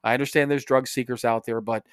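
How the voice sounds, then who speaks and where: A man's voice: mid-range voice, steady tone, quick pace, clean tone, no room sound, clean studio sound. A man from Indiana co-hosting a podcast, telling a story in casual chat, swearing and quoting people as he goes. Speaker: podcast co-host.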